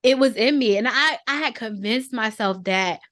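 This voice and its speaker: A woman's voice: on the high side, dry recording, studio quality. A woman in her thirties telling a personal family story in a podcast conversation, reflective and earnest, holding back emotion. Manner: reflective and earnest, often slows down to choose words; holding back emotion, softening at tender moments.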